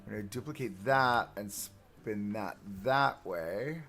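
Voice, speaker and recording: Chatty self-mocking male streamer, gravelly. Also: lowish voice, slow, sharp tone, soft background music. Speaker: livestreamer. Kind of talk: casual game livestream commentary.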